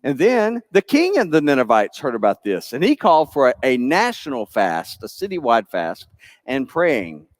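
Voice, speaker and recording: A man pastor, telling a Bible story to children in church with lively, playful asides. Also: mid-range voice, normal speed, dry recording, studio quality. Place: church sanctuary.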